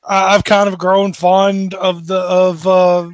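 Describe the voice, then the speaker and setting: A man's voice: sits high, little pitch movement, slow, smooth, no room sound. A man narrating his character's actions in a tabletop game, hesitant and repeating words. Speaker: player.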